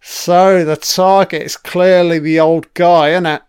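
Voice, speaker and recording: A man talks over an episode in loose, sweary commentary, reacting to each scene as it plays. His voice sits a little high and clear, with a slow, easy delivery. The recording is close and dry. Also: level tone, a little mellow, no room sound. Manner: sweary, chatty, reacting to the screen. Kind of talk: casual film commentary.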